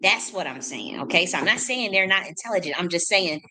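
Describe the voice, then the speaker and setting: A woman's voice: on the low side, expressive, a little fast, bright, forceful tone, low-quality recording. Woman just chatting to camera, rambly, lots of restarts and little laughs. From United States. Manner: rambling, repeats words, laughs often. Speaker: spiritual reader and channel host. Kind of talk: casual unscripted monologue.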